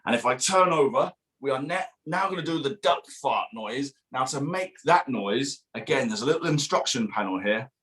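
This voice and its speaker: A man's voice: mid-range voice, lively intonation, normal speed, few pauses, a bit bright. A man, a children's author, reading his picture book aloud to children at a bookshop event, playful and sing-song, demonstrating silly noises. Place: bookshop event streamed online.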